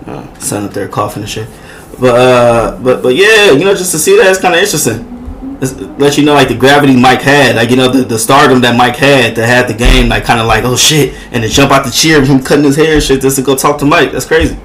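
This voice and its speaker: A man's voice: medium pitch, quick pace, a bit bright, slight background noise. A man hosting a reaction video, talking loosely and profanely with many hesitations. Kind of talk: casual reaction commentary.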